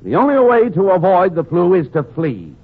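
A man's voice: high-pitched, wildly swooping pitch, moderate pace, a little hiss or hum. A man playing the exasperated, scolding straight man in a 1940s radio comedy. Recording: dull lo-fi 1940s radio broadcast. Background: studio audience laughter.

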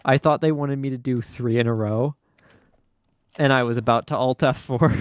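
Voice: medium pitch, moderate pace, dry recording. Exasperated young gamer, dry sound. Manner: exasperated, dramatic, often laughing at own struggle. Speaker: gamer playing an obstacle course game. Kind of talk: casual let's play commentary.

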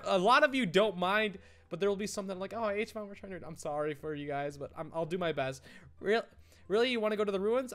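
A man giving casual, excitable let's-play commentary, rambling with frequent stammered restarts. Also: a little high. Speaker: gaming YouTuber.

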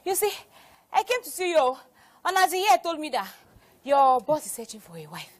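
A woman's voice: high voice, big pitch swings, normal speed. A woman with a Nigerian English accent playing a scheming, boastful young woman in a film drama. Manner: scornful, boastful.

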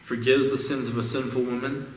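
Male pastor at mid pitch, easygoing sermon delivery, recorded from across a reverberant church. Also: flat delivery, a little fast, slight background noise. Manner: conversational, repeats words as he restarts phrases. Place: church sanctuary. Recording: echoey hall, distant mic.

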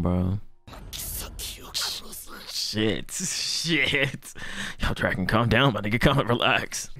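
A man hosting an anime reaction channel, talking in loose, slangy, profane commentary and laughing often. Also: low voice.

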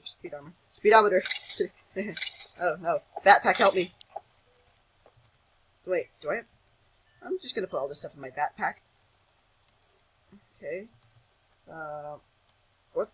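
A man's voice: sits high, sharp tone, husky, poor audio. A young man giving casual commentary over a video game, jittery and self-mocking, often chanting words over and over in a sing-song. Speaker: gaming channel host.

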